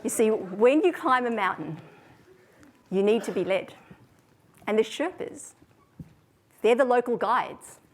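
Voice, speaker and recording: Woman giving a measured storytelling talk. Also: on the high side, animated. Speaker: speaker. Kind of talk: prepared talk to an audience.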